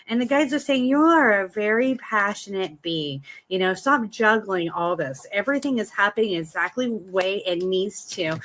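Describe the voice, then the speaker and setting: A woman's voice: mid-range voice, animated, normal speed, hardly any pauses, fairly bright tone. A woman hosting a live tarot reading from home, talking in a chatty, encouraging and reassuring way. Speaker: tarot reader.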